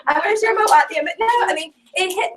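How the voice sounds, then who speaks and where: Soft music plays in the background as a woman with an extremely high voice talks very fast, far from the mic. She's a business trainer leading a small class in a chatty, casual way, earnest, full of fillers, and at times nearly tearful.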